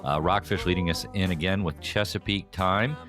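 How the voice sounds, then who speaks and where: A man's voice: sits low, normal speed, music in the background. A man hosting a casual podcast chat, rambling with many fillers and restarts. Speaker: podcast host.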